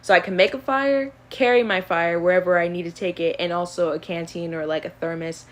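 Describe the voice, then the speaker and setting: Young woman, early twenties, live streamer, casual rambling chat, many fillers, slightly low pitch. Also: fairly even intonation, a little fast, highs cut off. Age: early 20s. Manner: rambling, filler-heavy, easygoing. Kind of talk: casual chat answering questions.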